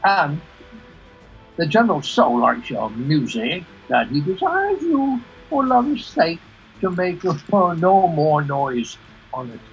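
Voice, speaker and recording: A cheeky clown, as a man puts him on in a put-on British accent. His pitch swoops all over as he trades playful puns. The audio is dull video call sound. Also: wildly swooping pitch, slow, faint music behind, heavily acted. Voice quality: playful, punning. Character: joking male clown, cheeky.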